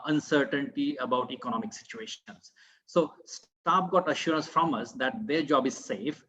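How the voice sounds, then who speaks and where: A man on an online business panel, explaining step by step with frequent pauses. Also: medium pitch, a bit bright, dull audio. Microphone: video call.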